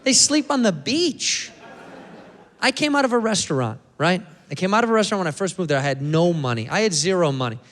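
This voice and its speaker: A man performing a profane stand-up comedy set, loud and animated, acting out characters. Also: high voice, fairly quick. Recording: stage recording with hall reverb.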